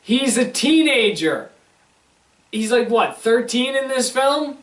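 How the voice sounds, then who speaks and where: A man's voice: extremely high pitch, expressive, takes it slowly, a bit bright. A young man giving a casual, rambling film review with laughing asides and sarcastic questions. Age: young adult. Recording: roomy sound from a distant mic.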